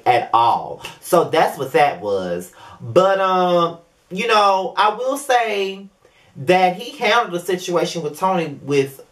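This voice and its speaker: A man's voice: on the high side, fairly bright tone. A young man hosting his own video review show, talking casually and animatedly with plenty of swearing and filler asides. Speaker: show host reviewing a reality series.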